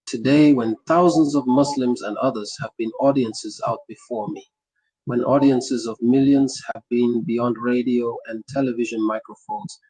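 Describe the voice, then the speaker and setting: A man's voice: mid-range voice, darkish tone, husky, no echo, low-quality recording. A man narrating a memoir in the first person, breaking into impassioned sermon-style speeches with rhythmic, repeated phrases.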